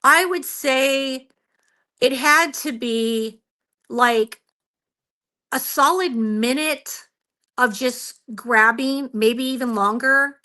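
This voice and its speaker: A woman's voice: sits high, extremely slow, pauses often, pushed and bright. A woman guest on a radio show, earnestly telling a frightening personal experience with many fillers and quoted thoughts. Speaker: guest, Bigfoot researcher.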